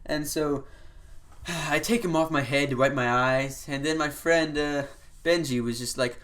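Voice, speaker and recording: A man's voice: a little high, fairly even intonation, normal speed, fairly bright tone. A young man hosting a podcast, telling a long casual anecdote, loose and rambling, with lots of "like" and "you know". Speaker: podcast host. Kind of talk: casual storytelling chat.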